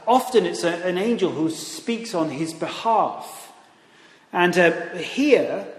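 A man preaching a sermon in a church, animated, with conversational asides and rising emphasis. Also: sits high. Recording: echoey hall, long reverb.

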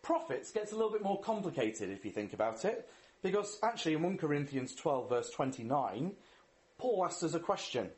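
Lively, expressive male preacher. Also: a little high, fairly quick. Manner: earnest, asks rhetorical questions. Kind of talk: sermon with scripture reading and prayer.

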